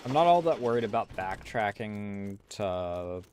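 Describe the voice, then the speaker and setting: A man's voice: lowish voice, expressive, unhurried, a little mellow, slight background noise. A man giving casual, wry gameplay commentary, muttering to himself as he plays. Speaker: gamer streamer.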